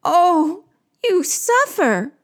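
A woman's voice: high-pitched, sing-song, a little slow, voice pushed up. A woman voicing two sexless magical creatures who moan and sigh back in unison, in a storytelling reading. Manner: sighing in unison.

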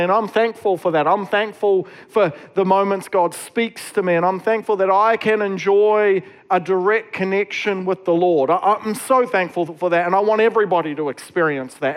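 Man, pastor, sermon, high-pitched, conversational, filler-heavy. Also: fairly quick, few pauses. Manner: casual, conversational preaching with many fillers.

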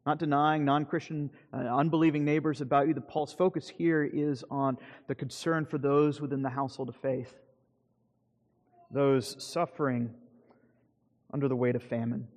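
Earnest pastor preaching in a reverberant hall. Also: male voice, little pitch movement, normal speed, a little mellow. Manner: earnest, rising emphasis on key phrases, drops low at ends of points. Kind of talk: sermon.

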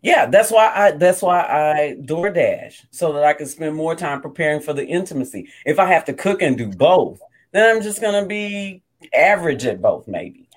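A man's voice: fairly high pitch, sing-song, moderate pace. A man voicing a breezy wife who orders takeout instead of cooking, in an improvised comedy sketch, talking in a sing-song, deflecting way. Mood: defensive.

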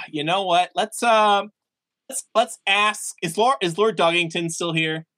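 Bright-voiced excitable man playing along. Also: high voice, slow pace, no room sound. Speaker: player. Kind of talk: improvised tabletop role-play.

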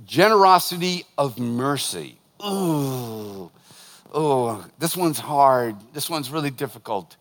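A man, a pastor preaching a sermon, lively and joking as he tells stories to his congregation. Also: medium pitch, a little slow, few pauses. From northern United States. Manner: lively, joking, animated storytelling. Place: church hall. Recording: long hall reverb.

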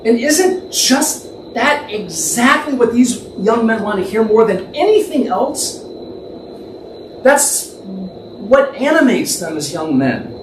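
High-voiced man musing through a Bible passage. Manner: musing and imaginative, thinks aloud and corrects himself. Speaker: Bible teacher. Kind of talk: conversational Bible teaching. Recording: echoey room, distant mic, faint background noise.

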